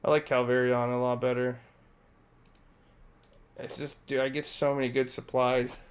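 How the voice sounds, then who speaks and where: A man's voice: mid-range voice, flat delivery, moderate pace. A young man streaming a game and chatting casually, laid-back and heavy on filler words like "bro". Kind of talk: casual chat while gaming.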